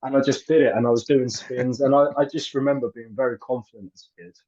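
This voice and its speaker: A man's voice: mid-range voice, steady tone, quick pace, warm tone. A man in his thirties, a guest in a casual interview, talking hesitantly with many fillers and restarts. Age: 30s. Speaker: actor and filmmaker guest. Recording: dull lo-fi audio.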